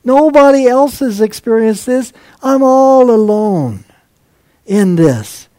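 A man voicing a weary male prophet who complains that he alone is left, in a plaintive, drawn-out way. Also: extremely high pitch, darkish tone, no room sound, pitched above the performer's own voice. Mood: self-pitying. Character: weary lonely male prophet, self-pitying.

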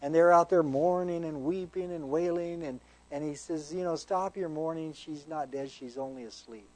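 A man's voice: a little high, normal speed, a little mellow, low-quality recording. A man, a pastor, teaching a sermon verse by verse, conversational and earnest, reading scripture aloud with emphasis.

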